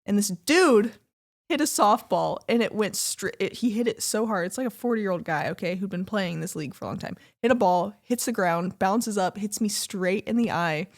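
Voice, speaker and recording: A young woman co-hosting a casual couples podcast, chatty and quick to laugh as she tells stories. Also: medium pitch. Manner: chatty storyteller, animated, laughs often. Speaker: podcast co-host. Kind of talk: casual chat.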